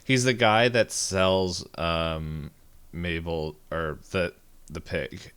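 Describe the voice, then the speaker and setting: A woman podcast co-host chatting casually, relaxed and a little hesitant. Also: very deep voice, slow pace, clean tone. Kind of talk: casual chat.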